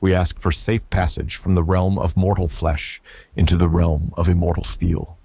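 A man's voice: low-pitched, level tone, normal speed, vocal fry, dark tone, husky, no echo, exaggerated voice. Man voicing a commanding muscle-wizard leader. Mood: solemn. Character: boastful muscle-bound male wizard leader.

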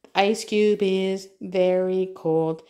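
A woman's voice: medium pitch, fairly even intonation, takes it slowly, dark tone. A mother patiently reading an alphabet workbook aloud with her child, spelling words letter by letter and echoing the child's prompts.

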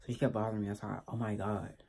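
Gravelly young man telling a storytime. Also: on the low side, little pitch movement, very fast, darkish tone. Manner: laid-back slangy storytelling, keeps asking "you feel me". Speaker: vlogger. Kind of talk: casual storytime vlog.

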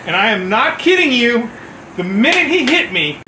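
A man telling a profane story about boot camp among coworkers, acting out shouts as he goes. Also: very high voice, moderate pace, echoey room, a crowd in the background, rough recording. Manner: animated, swearing, acts out shouts. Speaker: former Marine telling a story.

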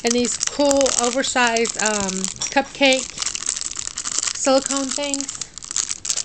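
A woman's voice: sits high, expressive, a little slow, background noise. A middle-aged woman, chatting casually as she unboxes a craft package at home, sounding tired and tongue-tied. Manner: drowsy, sluggish and tongue-tied. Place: dim room at home.

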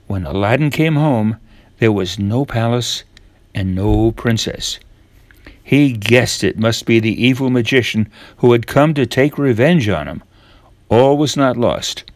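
An older man reading a fairy tale aloud to children in a gentle, measured way. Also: mid-range voice, dry recording. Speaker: storyteller.

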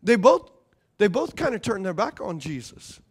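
Man, pastor, high voice, animated conversational sermon, repeats phrases. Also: moderate pace, husky.

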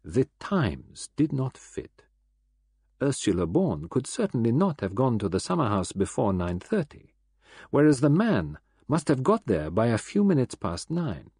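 A man voicing a fussy, self-important male detective who speaks gravely and sternly, read for an audiobook. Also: mid-range voice, big pitch swings, unhurried, darkish tone, dry recording, studio quality, exaggerated voice. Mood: lecturing.

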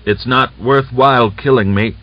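A man's voice: mid-range voice, moderate pace, voice pushed up, close to an everyday voice. A man voicing a defiant, captured male Red Army soldier who answers scornfully. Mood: insistent. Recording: dull lo-fi audiobook recording.

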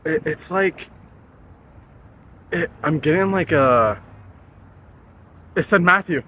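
A man's voice: a little high, expressive, slow, pushed and bright. A young man on a nighttime ghost hunt, talking in a jumpy, rambling way with lots of swearing and fillers. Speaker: ghost-hunting vlogger. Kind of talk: casual paranormal investigation chat. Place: outdoors at night near a school. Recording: outdoor recording with street noise.

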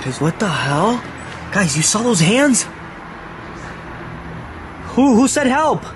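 A man's voice: sits high, sing-song, slow pace. A man making a prank vlog outdoors in a park, jumpy and often whispering as he acts scared. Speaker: prank vlogger. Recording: loud outdoor noise.

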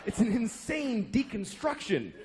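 Male comic, 40s, high and very animated delivery, profane exasperated rant. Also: a little slow, slight background noise. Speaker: stand-up comedian. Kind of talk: stand-up comedy routine.

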